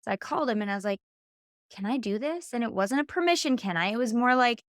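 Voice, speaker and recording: A woman in her late thirties, a hypnotherapist guest on a podcast, telling her story in a casual, animated way and acting out quoted dialogue. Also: on the high side, quick pace, no room sound, studio quality. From Michigan.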